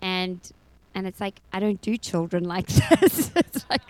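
A woman's voice: medium pitch, a little slow, darkish tone, dry recording, low-quality recording. A middle-aged woman giving a personal faith testimony as a foster mother, telling her story expressively and laughing often.

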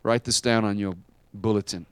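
A man preaching a sermon as pastor, dramatic, swinging from quiet asides to shouted lines. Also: on the low side, steady tone, moderate pace, clear, resonant tone, no echo.

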